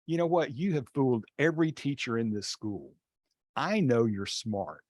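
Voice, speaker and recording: A male teacher telling a classroom story in an online class over a video call, acting out the dialogue with lively changes of voice. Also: medium pitch, moderate pace, no echo, studio quality. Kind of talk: storytelling lecture.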